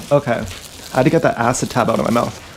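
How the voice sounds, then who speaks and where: A man rambling crudely through a live stream monologue, often clearing his throat. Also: mid-range voice, brisk, a little hiss or hum. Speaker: livestreamer. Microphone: action camera.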